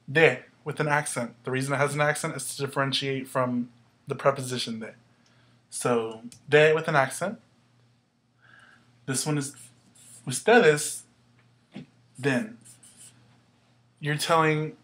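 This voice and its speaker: A man teaching a language lesson at a board, explaining patiently in a casual way, with fillers and quick self-corrections. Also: mid-range voice, a bit bright. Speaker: Spanish teacher.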